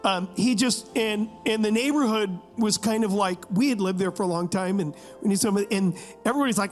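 A man's voice: high-pitched, fast, hardly any pauses, soft background music. A male pastor preaching a sermon, telling a story in a chatty, joking way and asking the congregation to agree. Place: church service.

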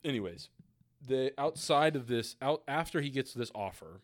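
A young podcast co-host recaps a movie in casual chat, getting worked up, swearing freely, laughing often and acting out quotes with animation. His medium-pitched voice comes at a moderate pace in a dry, clean studio recording.

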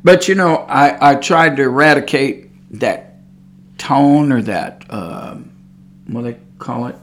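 A man's voice: mid-range voice, unhurried. A man with a Texan accent hosting a religious podcast, telling stories in a folksy, meandering way with many fillers. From Texas. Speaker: podcast host. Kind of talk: rambling religious podcast talk.

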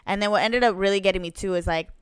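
A woman co-hosting a casual podcast, telling a story with lively retellings of dialogue and frequent swearing. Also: medium pitch, rapid-fire, clear, resonant tone, dry recording, clean studio sound. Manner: animated, swears freely, plays out quoted dialogue. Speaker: podcast co-host.

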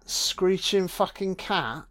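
A man's voice: high-pitched, expressive, slow, a bit bright. A man giving a casual film commentary, sweary, sarcastic and mocking.

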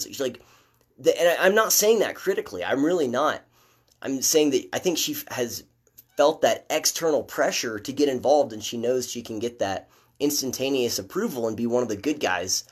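A man giving critical, sardonic commentary on a documentary, with frequent fillers and restarts. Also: mid-range voice. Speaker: political commentator.

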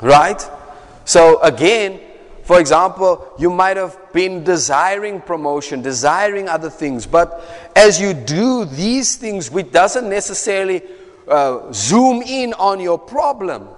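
A man's voice: sits high, animated, slow pace. A man preaching a sermon in a conversational way, repeating phrases and often asking "right?". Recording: echoey hall.

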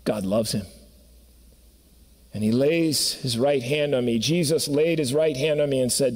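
A man's voice: medium pitch, a little slow, pauses often, a little mellow. A man preaching a sermon in a church sanctuary, telling stories earnestly and building to emphatic peaks. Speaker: pastor. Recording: long reverb of a church hall.

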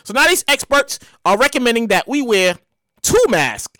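A woman's voice: a little high, very animated, normal speed, a bit bright, dry recording. A woman vlogger ranting in a casual, profane way, stammering and repeating phrases as she reacts.

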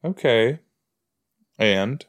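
A man's voice: mid-range voice, lively intonation, drawn-out words. A man hosting a podcast, chatting casually as he reacts to a TV episode, full of "like" and "you know".

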